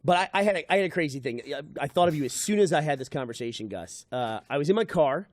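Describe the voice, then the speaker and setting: A man's voice: fairly high pitch, fast talker, dry recording, studio quality. A man in his thirties hosting a casual podcast, telling a story with lots of swearing and repeated words. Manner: animated, swears freely, repeats words when excited. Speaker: podcast host.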